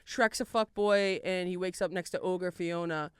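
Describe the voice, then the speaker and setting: A woman's voice: lowish voice, normal speed, smooth, dry recording, studio quality. A woman hosting a comedy podcast, brash and swearing, laughing in casual chat. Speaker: podcast host.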